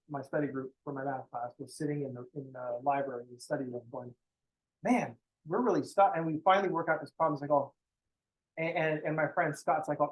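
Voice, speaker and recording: A young man lectures a college math class with a slightly higher-than-average voice. He talks bluntly and casually, with frequent swearing and joking asides to the students. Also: poor audio. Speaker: math teacher. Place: classroom, also streamed online.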